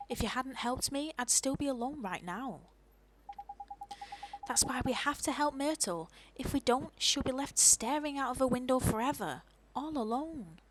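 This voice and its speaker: A woman voicing an earnest, gentle young boy hero in a video game, soft-spoken. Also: on the high side, noisy background, close to an everyday voice. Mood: sad.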